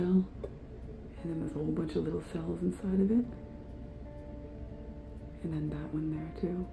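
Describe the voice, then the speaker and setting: A woman's voice: lowish voice, steady tone, measured pace, vocal fry, long pauses, phone-quality sound, music in the background. A woman hosting an art channel, talking casually to her viewers, emotional and teary, gushing and laughing often. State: teary, sniffly. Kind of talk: casual vlog talk to camera.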